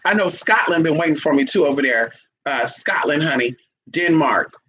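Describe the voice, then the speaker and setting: Through poor audio with a little hiss or hum, a woman with a deep voice tells stories at a moderate pace. The vlogger's casual monologue is brash and sassy; she calls people honey and leaps animatedly into quoted voices.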